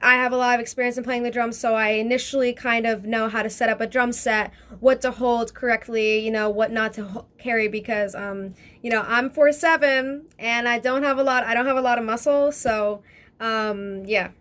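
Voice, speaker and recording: High-voiced chatty young woman. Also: moderate pace. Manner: chatty, excitable, lots of fillers and swearing. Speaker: vlogger. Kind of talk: casual storytime.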